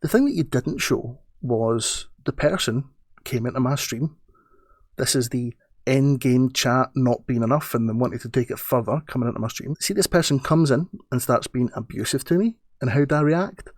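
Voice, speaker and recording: A man's voice: mid-range voice, no room sound. Sarcastic Scottish man with a dry sound. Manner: sarcastic, halting, with stammered restarts. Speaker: streamer. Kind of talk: defensive reply to a critic.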